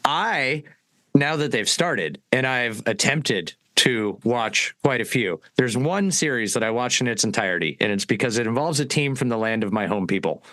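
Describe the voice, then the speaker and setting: A man co-hosting a sports podcast in casual chat, opinionated and ranting with halting restarts. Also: mid-range voice, animated, a bit bright, dry recording. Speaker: podcast co-host.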